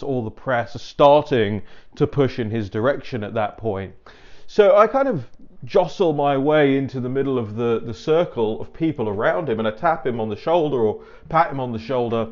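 A man's voice: medium pitch, darkish tone. Man, mid-range voice, casual digressive commentator; dull home-mic sound. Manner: chatty, digressive storyteller who acts out dialogue. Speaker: political commentator.

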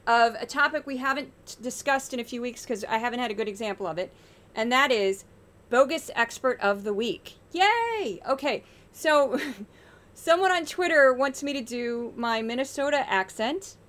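A woman's voice: on the high side, fairly bright tone. A woman hosting a podcast, giving sarcastic, exasperated political media commentary. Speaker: podcast host.

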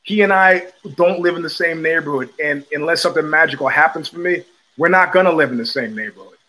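A man hosting his own show, talking in a casual, animated monologue full of emphatic restarts. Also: fairly high pitch, quick pace, low-quality recording. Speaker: host.

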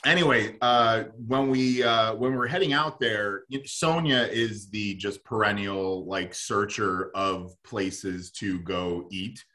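A man's voice: on the low side, measured pace, few pauses, sharp tone. A man co-hosting a local radio food show, chatting casually and rambling with lots of fillers.

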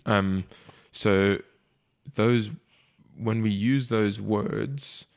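Man, reflective podcast co-host, low and gravelly, unhurried. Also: steady tone. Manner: slow, reflective, measured. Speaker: podcast co-host discussing a book. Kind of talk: casual discussion.

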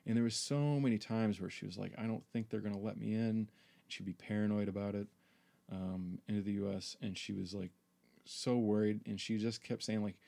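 A man's voice: lowish voice, steady tone, normal speed, creaky, mellow. A man hosting a podcast, telling a personal story in a rambling, profane monologue full of fillers. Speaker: podcast host.

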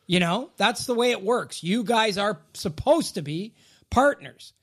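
A man's voice: high voice, expressive, unhurried, a bit bright. A man co-hosting a casual hockey podcast, opinionated and repeating words as he gets his sentences going. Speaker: podcast co-host.

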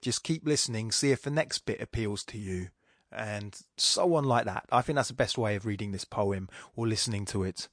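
A man with a mid-range voice hosts a podcast on poetry and talks it through in a chatty, eager way. The recording is dry and close, with no room sound. When he reads verse aloud, he slows down and weighs each line. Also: medium pitch, dry recording. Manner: chatty, enthusiastic, with fillers. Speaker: podcast host. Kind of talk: casual explanation, then slow poetry reading.

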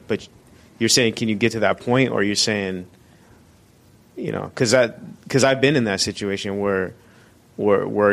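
Male audience member, low voice, halting question to the preacher. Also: fairly bright tone. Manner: hesitant, with restarts. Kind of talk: conversational question.

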